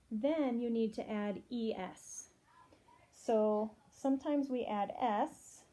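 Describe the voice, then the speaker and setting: A woman's voice: on the high side, mellow. A woman teacher giving a patient phonics lesson to young children, asking them questions as she goes. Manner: slow, patient, clearly spelled-out teaching with questions to kids.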